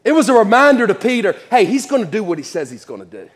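A man's voice: sits high, big pitch swings, quick pace, big-room sound. A man preaching a sermon in church, folksy and chatty, laughing often and repeating his words.

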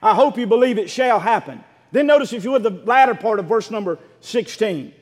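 A man preaching a sermon as pastor, fervent and swelling into shouts, calling for responses from the congregation. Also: sits high, animated, fairly quick, few pauses. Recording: long reverb of a large hall.

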